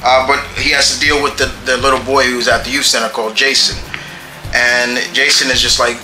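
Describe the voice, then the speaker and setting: A man casually reviewing comic books, halting and often restarting his phrases. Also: medium pitch, flat delivery, bright, forceful tone, reverberant, soft background music, poor audio.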